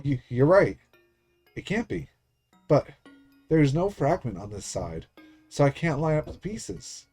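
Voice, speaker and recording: A man's voice: a little high, big pitch swings, unhurried, pauses often, dark tone, slightly rough, faint music behind, voice pushed up, heavily acted. A man voicing a meek girl spirit deity who stammers anxiously and apologizes.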